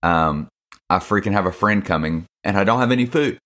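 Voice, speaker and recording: A man voicing a brash friend shouting through a door at midnight for bread, slangy and pushy. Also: low-pitched, animated, brisk. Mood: demanding.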